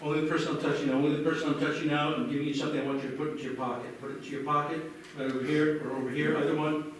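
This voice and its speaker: A man's voice: a little high, flat delivery, racing. Male stage hypnotist, American, soothing repetitive patter, recorded far off with faint background hiss. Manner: soothing commands, repeats phrases. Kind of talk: live stage hypnosis show. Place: library event room. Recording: echoey hall from far off.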